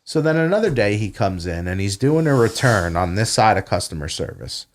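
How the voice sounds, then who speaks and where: Man, low voice, profane, animated storytelling, casual podcast chat. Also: a little fast, slight background noise. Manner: profane, animated retelling with quoted dialogue. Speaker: podcast guest. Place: home podcast room.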